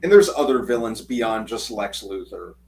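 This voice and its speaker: A man co-hosting a podcast, speaking earnestly with halting restarts. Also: fairly low pitch, expressive, gravelly, crowd noise, low-quality recording. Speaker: podcast co-host. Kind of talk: casual chat.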